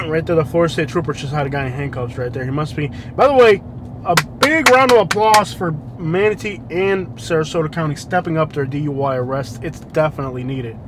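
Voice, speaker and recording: Man, rambling driver-vlogger, high-pitched, light road noise behind. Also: brisk. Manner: rambling storyteller with Southern slang, laughs often. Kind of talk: casual driving vlog chat. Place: inside a car driving at night. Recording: faint street noise behind. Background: faint road and traffic noise.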